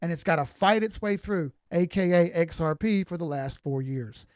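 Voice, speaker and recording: A man's voice: on the high side, moderate pace, hardly any pauses, darkish tone, no room sound. A middle-aged man with a Southern US accent giving blunt, folksy live-stream commentary on crypto charts.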